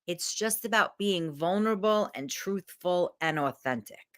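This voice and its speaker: A woman's voice: fairly low pitch, a little slow, clean tone. A woman coach giving a candid, emotional motivational talk to camera, swearing freely. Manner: animated.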